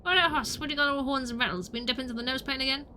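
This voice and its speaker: A woman's voice: high-pitched, fairly even intonation, very fast, sharp tone, slight background noise. Woman doing a boastful drawling cowboy. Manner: folksy western drawl.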